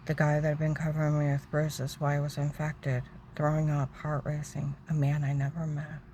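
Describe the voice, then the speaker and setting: A woman telling a long, rambling, agitated story about her own grievances, repeating herself and acting out other people's shouting. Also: low-pitched, completely flat delivery, brisk, slight background noise, poor audio. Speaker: storyteller recounting personal grievances. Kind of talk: rambling personal monologue.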